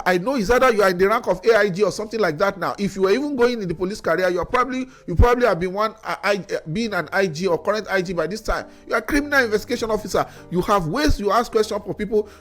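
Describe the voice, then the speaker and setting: A man's voice: sits high, fairly bright tone. A Nigerian man with a Nigerian English accent giving an opinion monologue, grilling an official with rhetorical questions and stumbling over repeated words. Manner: critical, addressing an official directly with rhetorical questions; repeats words when worked up. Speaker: commentator.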